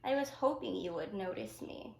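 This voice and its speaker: A woman's voice: mid-range voice, lively intonation, normal speed, gravelly, darkish tone. Hairy red anger creature, read by a woman. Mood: reassuring. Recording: echoey room.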